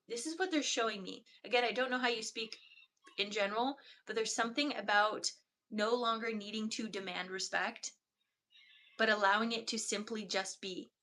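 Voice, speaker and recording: A woman energy healer giving a slow, soft-spoken, meditative channeled reading. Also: on the high side.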